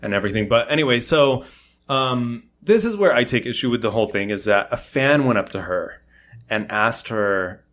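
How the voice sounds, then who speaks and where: A man, a podcast guest, telling a story in casual chat, animated and acting out what people said. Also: mid-range voice, normal speed. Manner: animated storyteller, acts out quotes.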